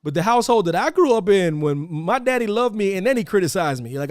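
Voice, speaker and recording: A man co-hosting a casual wrestling podcast, loud and animated, swearing and laughing often. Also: high voice, fast, dry recording, studio quality. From Georgia, US. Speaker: podcast co-host.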